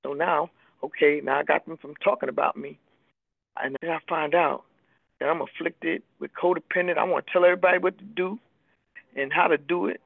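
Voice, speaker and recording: A woman's voice: low-pitched, fairly even intonation, brisk, vocal fry, no room sound. An older woman telling her recovery story as personal testimony, emphatic and acting out the people she quotes. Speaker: speaker sharing a recovery story. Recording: tinny phone-like radio recording.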